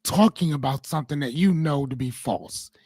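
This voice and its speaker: A man in his forties chats on a podcast, his voice sitting a little high for a man. He tells a story in a relaxed, rambling way, pausing to find his words. The sound is dry and close, with no room around it. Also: husky, no room sound. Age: 40s. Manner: relaxed storyteller, paraphrasing a fable with hesitations. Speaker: podcast co-host. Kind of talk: casual chat.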